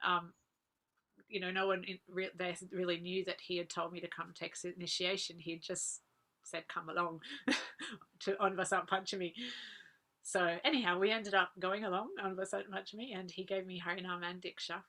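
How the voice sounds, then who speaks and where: Heartfelt woman, lowish voice. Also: fairly even intonation, moderate pace. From Australia. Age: 40s. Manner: earnest, heartfelt, often laughing softly. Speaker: guest speaker. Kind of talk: personal reminiscence talk.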